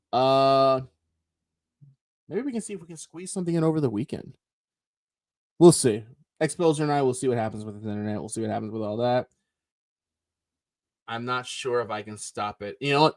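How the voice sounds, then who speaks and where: A man's voice: mid-range voice, a little mellow, no room sound. A man co-hosting a live stream, talking casually and rambling to his viewers. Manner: rambling, chatty, laughs often.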